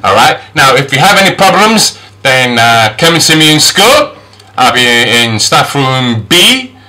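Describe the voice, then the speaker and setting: A man teaching English phonics, patiently modeling each sound slowly and with exaggeration. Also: mid-range voice, very animated, pushed and bright. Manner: slow, exaggerated sound demonstrations; patient, reassuring. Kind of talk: phonics lesson.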